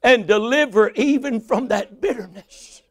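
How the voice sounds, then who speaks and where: A man preaching a sermon, building from steady reading to impassioned shouts and cries. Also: very high-pitched, measured pace, dry recording.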